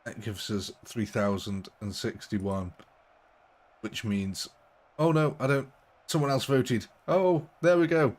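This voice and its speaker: Man, game streamer, casual live chat, low-ish voice, frequent chuckles. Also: takes it slowly, pauses often. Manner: chatty, chuckles often. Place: home at night.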